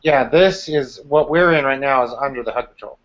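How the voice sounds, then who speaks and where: A man's voice: medium pitch, brisk, a bit bright. A man playing a tabletop role-play game over voice chat, playful and jokey. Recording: dull lo-fi voice chat.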